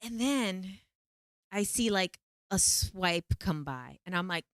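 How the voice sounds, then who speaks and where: A woman hosting a podcast, telling a story in a casual, animated, rambling way with many fillers. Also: on the low side, slow, dry recording, studio quality. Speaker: podcast host.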